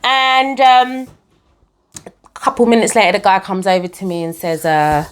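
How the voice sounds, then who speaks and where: A young woman telling her own story to camera in a chatty, animated way, often calling her viewers guys. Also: medium pitch, moderate pace, clean tone.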